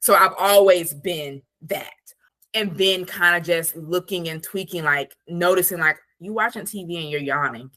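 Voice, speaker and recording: A woman guest, an attorney and productivity coach, chatting casually on a podcast with lots of "like" and animated asides. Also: lowish voice, normal speed. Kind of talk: casual interview chat.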